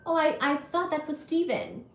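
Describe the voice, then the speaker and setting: A woman's voice: sits high, lively intonation, moderate pace. A woman hosting a physics livestream, chatting with viewers in an apologetic way while still getting over an illness. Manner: chatty and apologetic, reads viewer comments aloud. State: recovering from illness. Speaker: livestream host teaching physics. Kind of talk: casual livestream chat with viewers. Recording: echoey room with faint ambience.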